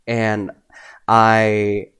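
A young man, a podcast guest, telling personal stories in a casual, animated way, often acting out what others said. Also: fairly low pitch, very slow, smooth. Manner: animated, acts out voices in his anecdotes. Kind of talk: casual storytelling.

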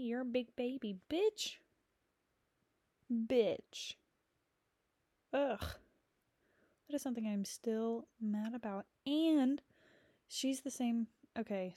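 Young woman host, casual rambling monologue, blunt and profane, mellow tone, dry close sound. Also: a little high, dry recording. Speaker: podcast host.

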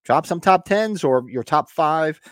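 A man's voice: a little high, lively intonation, a little slow, no echo, studio quality. Man casually running a podcast segment. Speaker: podcast co-host. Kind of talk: casual chat.

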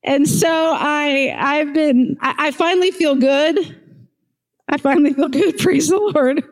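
A woman's voice: high-pitched, unhurried, low-quality recording. A woman pastor, preaching a conversational sermon with frequent laughter. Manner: warm, laughing often, conversational.

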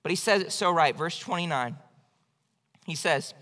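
A man's voice: on the high side, expressive, moderate pace, pushed and bright. A male pastor preaching an evening church sermon in a conversational, emphatic way. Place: church sanctuary. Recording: long hall reverb.

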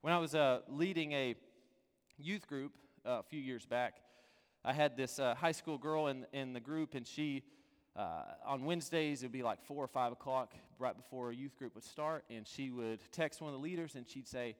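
A man preaching a sermon as a pastor, earnest and pleading, dropping from loud to hushed. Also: mid-range voice, moderate pace, smooth, in a large hall.

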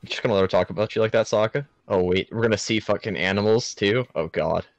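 A man's voice: fairly low pitch, fast, dry recording, highs cut off. A young man in casual, profane chat, reacting to a movie with mocking disbelief. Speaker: friend watching a movie, fan of the show.

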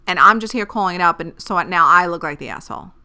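A woman in her thirties talks through dating advice on her podcast, blunt and quick to swear. Her voice is bright and smooth, and she sounds fired up and opinionated as she rants. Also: lowish voice. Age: 30s. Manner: blunt, profane and animated, giving dating advice. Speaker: podcast host. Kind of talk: casual podcast monologue.

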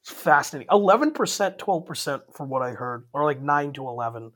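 A young man talking casually with a friend, high in pitch and swinging wildly up and down as he gets worked up. He swears freely and often trails off mid-thought, then starts again. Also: fairly quick. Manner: excitable, swears a lot, trails off and restarts. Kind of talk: casual chat.

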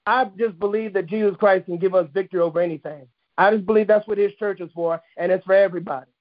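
A man's voice: high-pitched, steady tone, quick pace, phone-quality sound. A man preaching a sermon, emphatic and repetitive, driving points home with restated phrases. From United States.

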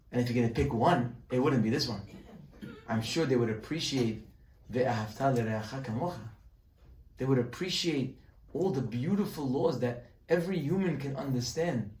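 Rabbi teaching a class in a roomy hall. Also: male voice, mid-range voice, normal speed, pauses often. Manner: animated, acts out questions and answers in dialogue. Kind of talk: Torah class sermon. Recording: roomy sound, mic at a distance.

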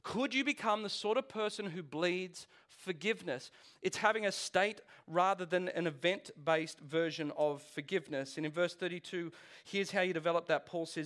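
Male pastor, animated sermon, conversational asides, fairly high voice. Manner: animated, conversational preaching with quick restarts and asides.

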